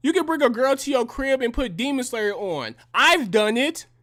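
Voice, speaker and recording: Young man, heated profane rant, slangy, combative, high-pitched voice. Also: expressive, normal speed, fairly bright tone. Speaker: reaction commentator.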